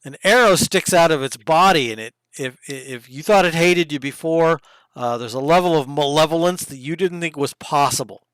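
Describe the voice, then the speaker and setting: A man narrates a tabletop game as its game master, describing each blow and roll in lively detail. His voice sits a little high and comes through smooth and clear. The sound is close and dry, with no room echo. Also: moderate pace. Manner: lively descriptive narration with sudden hushed asides.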